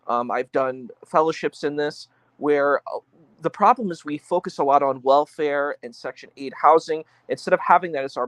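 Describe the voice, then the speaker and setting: Earnest male guest, a touch high, dry close recording. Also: a bit bright, dry recording. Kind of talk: casual debate chat.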